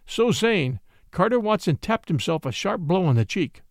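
Lively expressive male storyteller. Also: sits high, moderate pace, no room sound, studio quality. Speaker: narrator. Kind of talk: audiobook narration.

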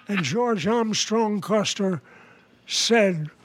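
Slow-talking joke-telling old man. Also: high voice, dry recording. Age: 90s. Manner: relaxed storyteller, laughs at his own punchlines. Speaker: interview guest, comedian. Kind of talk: telling jokes in an interview. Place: his home.

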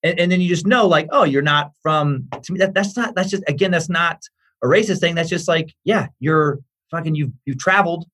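Husky, rambling male comedian. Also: fairly high pitch, brisk, sharp tone. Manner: rambling, many fillers, emphatic. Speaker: comedian guest. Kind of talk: casual chat.

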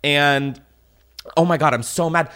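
A man's voice: fairly high pitch, measured pace, a bit bright. A man hosting a podcast, ranting casually and exasperatedly with lots of swearing. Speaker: podcast host.

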